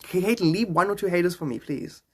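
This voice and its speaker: A man's voice: high voice, fast, a bit bright, breathy edge. A man chatting casually on a phone live stream, rambling and joking, often slipping into silly voices.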